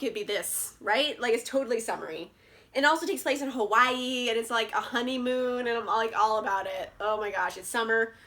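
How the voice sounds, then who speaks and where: Bubbly high-voiced young woman. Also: sharp tone. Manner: bubbly, gushing, lots of "like" fillers. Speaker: book vlogger. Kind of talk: casual chat.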